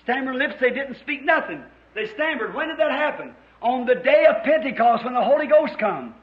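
Guy preaching, real high pitched voice, old muffled 1950s tape sound, folksy and fired up. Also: expressive, moderate pace. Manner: fervent, folksy, rising to shouts. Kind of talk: revival sermon. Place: church before a congregation.

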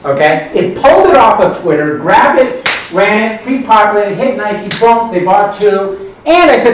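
A man's voice: sits high, expressive, normal speed, few pauses, a little hiss or hum. A middle-aged man on a conference panel telling a rambling story, full of restarts and quoted dialogue. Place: conference hall. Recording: echoey hall, distant mic.

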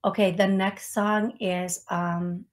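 Slow-talking woman hosting a live stream. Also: medium pitch, flat delivery. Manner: slow, chatty, self-deprecating with small laughs. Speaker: psychic medium show host. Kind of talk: live-stream talk show, reading out names.

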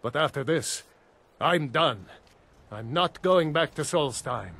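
A man's voice: on the high side, expressive, slow pace, gravelly, fairly bright tone, exaggerated voice. An actor playing a weary, reluctant ship captain in a video game, firm in his refusals.

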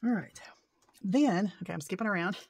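A middle-aged woman vlogging about paper crafting in a casual show-and-tell, excitable and gushing, rambling and getting tongue-tied as she goes. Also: medium pitch, brisk, a little hiss or hum.

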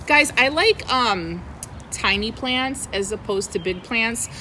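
Outdoors in the wind, a young adult woman vlogs an excited plant unboxing, gushing and squealing with delight, and the outdoor mic picks up wind noise in a rough recording. Her voice is fairly high, bright and forceful, with lively intonation, and she takes it slowly.

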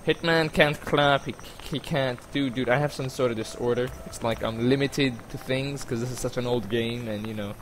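A man giving casual, rambling gameplay commentary, joking along and bursting into panicked yelling now and then. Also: mid-range voice, steady tone, moderate pace, few pauses, a little hiss or hum.

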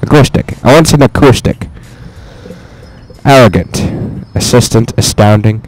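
A young man giving profane, excitable let's play commentary, talking to himself as he plays. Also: mid-range voice, a little slow, slight background noise. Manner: profane, excitable, talks to himself while playing.

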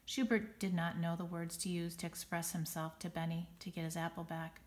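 A woman reading a children's picture book aloud, expressive and dramatic on the sound words. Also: lowish voice, fairly quick. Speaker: storybook reader.

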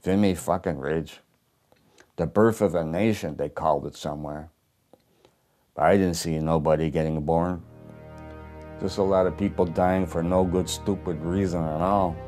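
A man's voice: deep voice, fairly even intonation, moderate pace, pauses often, a little mellow, faint music behind, natural voice. A man playing a bitter, haunted old working-class war veteran who talks coarse, profane and ungrammatical in a theatrical stage monologue. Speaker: stage performer in a one-man play.

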